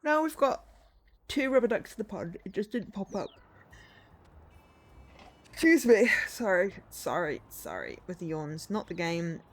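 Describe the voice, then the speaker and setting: A woman's voice: mid-range voice, very animated, moderate pace. A young woman streamer chatting casually to herself while she plays a video game. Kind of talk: casual gameplay commentary.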